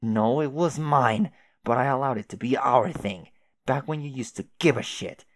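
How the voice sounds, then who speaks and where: A man's voice: mid-range voice, normal speed, lightly acted. A man doing a furious fed-up young woman. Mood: angry. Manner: biting, exasperated, swearing.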